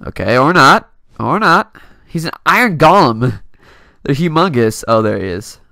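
Lively young man commenting on gameplay. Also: on the high side, unhurried, gravelly, dry recording, clean studio sound. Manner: playful, laughs often, talks to opponents. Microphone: desk mic.

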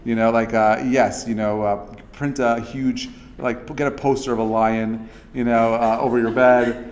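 A man's voice: mid-range voice, level tone, moderate pace. A man giving a casual, interactive class. He talks loosely, with many fillers and restarts, and acts out the quotes he tells. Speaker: Torah class teacher.

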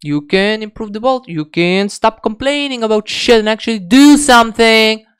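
Profane, blunt man with a smooth voice. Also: high-pitched, moderate pace, fairly bright tone. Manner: profane, blunt, many restarts and fillers. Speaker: diet vlogger. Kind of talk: unscripted rant to camera.

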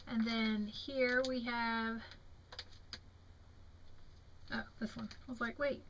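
A woman's voice: a little high, level tone, fairly bright tone, a little hiss or hum, rough recording. A young woman with a Southern American accent, tired, chatting admiringly as she shows off craft mail at home. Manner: chatty, admiring, slow and drawn-out. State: tired, yawning. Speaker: crafting vlogger. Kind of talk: casual show-and-tell of craft mail.

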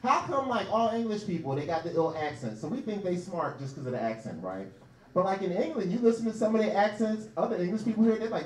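Brash high-voiced man hosting comedy. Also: sing-song, a little fast, a little mellow, roomy sound, far from the mic, poor audio. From Philadelphia. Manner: brash, profane, riffing. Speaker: comedy show host. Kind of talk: stand-up hosting. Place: small comedy bar stage.

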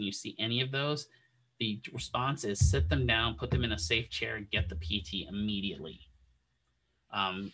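A man with a slightly low voice gives a recorded classroom lecture into his computer's microphone. He talks casually and conversationally, often checking in with a quick "right?". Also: sharp tone, poor audio. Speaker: instructor.

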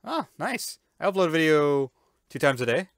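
A gaming YouTuber doing let's-play commentary, loud and excitable, with playful yelps, silly noises and sound effects. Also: mid-range voice, moderate pace, no echo, clean studio sound.

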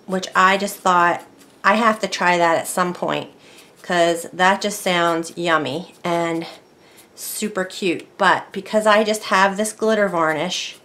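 A woman teaches decorative painting in a casual tutorial, chatting and thinking aloud as she works. Her mid-range voice is a bit bright and recorded at a close mic.

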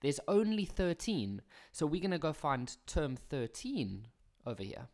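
A man's voice: fairly high pitch, big pitch swings, a little slow, darkish tone. A young South African man talking through maths exam questions in a chatty way, with jokey, self-mocking asides. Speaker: maths teacher. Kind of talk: casual maths exam walkthrough.

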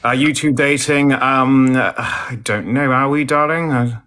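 A man's voice: mid-range voice, fairly even intonation, a little slow, fairly bright tone. Posh theatrical man. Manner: posh, theatrical, self-mocking with old-fashioned words. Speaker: live stream co-host. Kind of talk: casual live chat reading comments.

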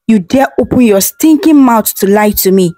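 A woman's voice: animated, moderate pace, warm tone, no echo, lightly acted. A woman voicing a grieving, furious middle-aged queen mother who wails and accuses. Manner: accusing, shrill, wailing.

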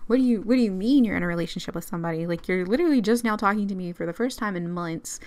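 A woman's voice: mid-range voice, rapid-fire, a little mellow, close to an everyday voice. A woman voicing a hurt, upset young mother in casual quoted dialogue. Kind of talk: storytelling over a life-sim game.

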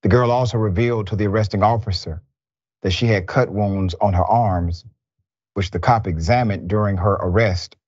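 A male show host delivering news commentary in a somber, deliberate manner. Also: lowish voice, a little mellow, breathy edge, no echo, muffled recording.

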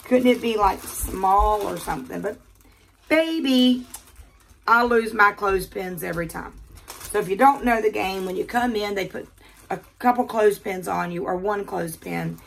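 An older woman from the American South with a Southern accent, chatting casually and talking fast while she unboxes jewelry in her quiet bedroom. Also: mid-range voice, creaky.

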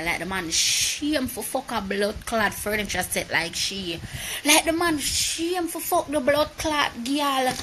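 Forceful, heated Jamaican woman ranting. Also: a little high, a little hiss or hum. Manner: animated, profane, heated storytelling. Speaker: vlogger. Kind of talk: live rant to viewers.

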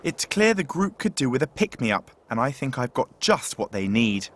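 A man presenting and narrating an expedition documentary in a measured, steady way. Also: mid-range voice. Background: background music.

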